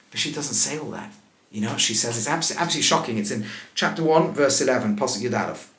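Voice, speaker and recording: Animated male rabbi in a roomy space. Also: mid-range voice, fast talker. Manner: lively, asks rhetorical questions, laughs at the text. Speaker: rabbi teaching. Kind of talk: animated scripture lesson.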